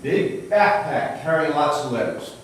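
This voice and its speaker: Slow, dramatic storytelling man in echo. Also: a little high, animated. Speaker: host of a round table talk. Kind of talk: motivational storytelling talk. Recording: echoey room, distant mic, faint noise.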